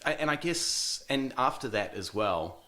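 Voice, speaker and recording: A man's voice: mid-range voice, lively intonation, unhurried, pushed and bright. A man in his thirties with a New Zealand accent, an interview guest talking casually and hesitantly, with many ums and restarts.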